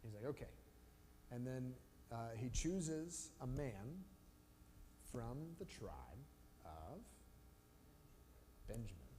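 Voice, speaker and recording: A man leading a casual Bible study, retelling the stories with quick voiced asides for the characters. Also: medium pitch, very animated, dark tone. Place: church room. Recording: live stream with long reverb and faint noise.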